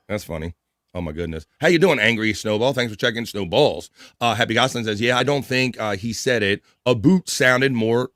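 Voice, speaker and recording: A man's voice: mid-range voice, a bit bright, dry recording. A man hosting a laid-back live stream, reading out viewer comments with frequent laughs, in a mid-range voice. The sound is dry and close, with no room around it. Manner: reads viewer comments aloud, laughs often. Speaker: livestream host. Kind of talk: casual live-stream chat.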